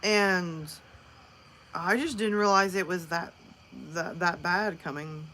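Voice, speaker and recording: A woman's voice: lowish voice, slow pace, bright, forceful tone, a little hiss or hum. Chatty Southern woman on a livestream. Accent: Southern American. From northern Alabama. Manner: chatty, rambling, laughs often. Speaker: livestream host. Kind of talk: casual live chat.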